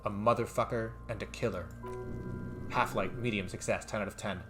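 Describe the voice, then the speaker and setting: A man streaming a game, reading its dialogue and text aloud and commenting between lines, jumping up in pitch when something excites him. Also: moderate pace. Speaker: let's play streamer. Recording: faint game music behind.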